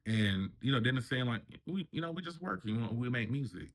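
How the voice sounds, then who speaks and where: A man hosts a casual reality TV review, chatting away and acting out the cast members' lines in raised voices. His medium-pitched delivery is expressive and fairly quick.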